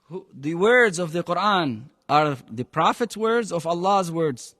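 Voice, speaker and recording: A man's voice: a little high, sing-song, unhurried, bright, forceful tone, big-room sound. A man teaching a Quran lesson, emphatic, often quizzing his class and mixing phrases into his English. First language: Arabic. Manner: quizzes the class with frequent questions.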